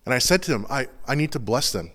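A pastor giving an earnest, confessional sermon in a loose, conversational way, full of casual fillers. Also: male voice, mid-range voice, animated, fast talker, fairly bright tone, long reverb tail.

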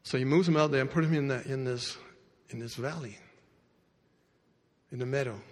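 A man preaching and retelling a story to his congregation, his voice sitting at an everyday middle pitch. He jumps from loud, lifted bursts down to low, hushed asides. The sound rings out with the long reverb of a big hall. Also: moderate pace. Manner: animated storyteller, swings between loud bursts and quiet asides. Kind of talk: sermon storytelling.

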